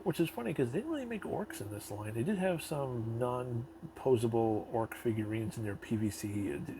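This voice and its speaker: A man's voice: medium pitch, gravelly, noisy background. A man hosting a casual toy review, rambling offhand and swearing now and then.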